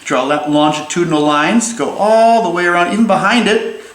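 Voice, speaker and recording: A man's voice: sits high, normal speed, a bit bright, reverberant, rough recording. Playful chatty man teaching drawing. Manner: playful, chatty, jokey asides. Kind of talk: casual drawing lesson while sketching.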